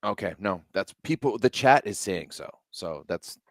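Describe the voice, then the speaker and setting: Male podcast host, low voice, loose rambling delivery over a laptop stream. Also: lively intonation, normal speed, creaky, no room sound, clean studio sound. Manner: rambling, self-interrupting, many fillers. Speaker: show host. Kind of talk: casual livestream chat. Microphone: laptop webcam livestream.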